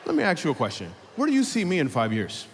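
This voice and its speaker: A man doing family-friendly stand-up comedy, telling a loose, chatty story with asides and turning quiet and earnest toward the end. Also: fairly high pitch, huge pitch swings, fast, noisy background.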